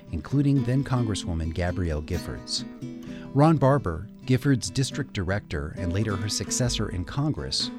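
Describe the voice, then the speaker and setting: A man hosting a radio program, reading a scripted introduction in an announcer-like way. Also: fairly low pitch. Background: guitar music.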